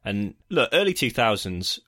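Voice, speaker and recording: A laid-back man co-hosting a casual podcast, with a voice pitched a little low. He retells the plot at length, often restarting his sentences. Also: very animated, moderate pace, bright, forceful tone. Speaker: podcast co-host. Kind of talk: casual film review chat.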